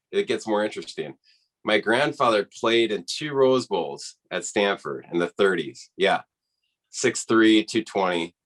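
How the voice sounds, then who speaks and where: Lowish voiced guy telling a story on a podcast, acts out the quotes, super casual. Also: rough recording. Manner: animated storyteller who acts out quoted people. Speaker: interview guest, rower.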